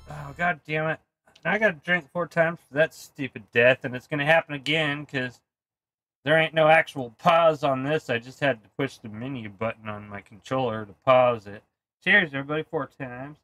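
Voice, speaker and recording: A man livestreaming his gameplay in a bright, sharp-edged voice, pitched a little high for a man. He swings from muttered asides to chat into profane yelling at the game. Faint music plays underneath him. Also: normal speed, no room sound. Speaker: game streamer. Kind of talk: live gameplay stream commentary.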